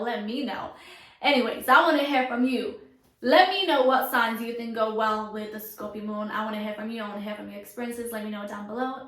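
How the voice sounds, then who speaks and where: A woman hosting an astrology video, talking casually to the camera in a chatty, animated way with dramatic asides. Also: on the high side. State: out of breath. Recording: echoey room.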